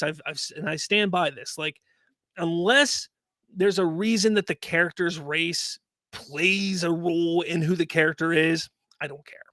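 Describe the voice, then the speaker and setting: High-voiced man ranting casually. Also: no echo, clean studio sound. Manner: animated, rambling, repeats himself. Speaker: host. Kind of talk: casual commentary.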